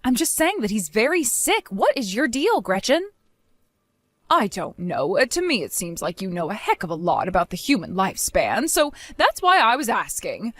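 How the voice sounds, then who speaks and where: A woman voicing a patient young daughter-in-law who talks in a measured, pointedly questioning way. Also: medium pitch, wildly swooping pitch, fairly bright tone, dry recording.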